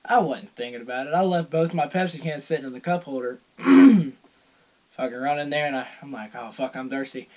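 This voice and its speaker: A young man telling a rambling story in a casual vlog, swearing constantly and acting out loud quotes. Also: on the high side, animated, brisk, highs cut off. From Georgia, US. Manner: profane, rambling, heavy swearing. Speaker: vlogger.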